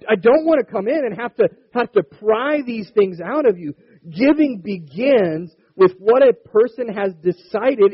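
A man's voice: sits high, slightly rough. A man preaching an earnest sermon as pastor, reading scripture aloud and urging his listeners. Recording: dull, dry lo-fi recording.

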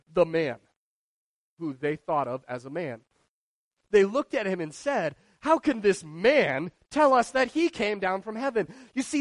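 Male pastor, high voice, lively preaching, rises and drops in volume, rhetorical questions. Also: dry recording. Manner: animated preaching, shifting between loud and hushed. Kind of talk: sermon.

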